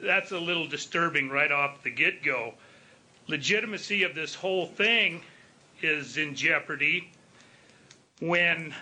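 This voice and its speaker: A man from Montana giving a measured public comment for a wool growers group into a public meeting, pausing often on fillers. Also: sits high, pushed and bright. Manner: measured, deliberate, with frequent filler pauses. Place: remote line into a public meeting.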